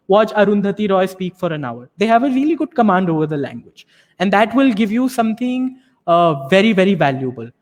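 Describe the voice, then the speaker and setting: A man with a high-pitched voice, heard with a long reverb tail, speaks on a panel about learning English. He gives students and parents an explanatory advice talk, often checking in with rhetorical questions.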